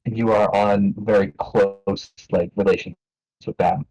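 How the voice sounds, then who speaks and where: A man narrating as game master of a tabletop game, relaxed and hesitant with many fillers. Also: fairly low pitch, measured pace, husky, low-quality recording.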